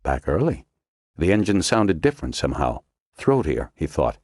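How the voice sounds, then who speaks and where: A man reading a thriller audiobook in a measured, dramatic storytelling manner. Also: extremely low pitch, big pitch swings, darkish tone, no echo, clean studio sound. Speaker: audiobook narrator. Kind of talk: scripted narration.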